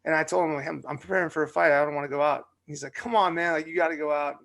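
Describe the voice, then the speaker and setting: Rapid-fire and gravelly, a young man's fairly bright, high-leaning voice keeps a fairly even intonation as he co-hosts a podcast. He tells a long story casually, chatting with plenty of fillers.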